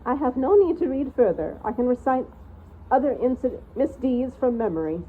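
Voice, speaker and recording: A woman voicing an ancient, forgetful male mouse who keeps records, speaking in a squeaky near-whisper and rambling like a doddering elder. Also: lively intonation, moderate pace. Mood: grave. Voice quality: squeaky voice barely above a whisper. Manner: doddering, rambling, peering over spectacles. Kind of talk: storybook reading. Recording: tinny phone-like sound, faint hiss.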